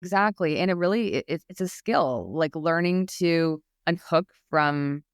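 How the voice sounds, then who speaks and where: A woman's voice: lowish voice, unhurried, clear, resonant tone, no room sound, studio quality. Earnest, encouraging woman guest. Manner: earnest, encouraging, with frequent restarts. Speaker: guest expert on public speaking anxiety. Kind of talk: podcast interview.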